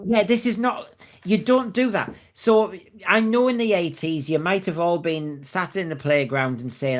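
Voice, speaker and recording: Lively, emphatic English man. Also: high voice. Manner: lively and emphatic, laughing and indignant. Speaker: podcast co-host and streamer. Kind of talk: casual chat.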